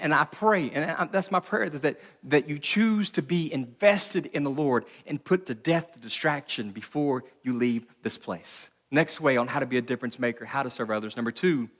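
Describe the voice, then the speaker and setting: Pastor guy preaching, earnest, stumbles and repeats himself, churchy hall echo. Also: fairly high pitch. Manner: earnest, halting, repeats words. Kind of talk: sermon.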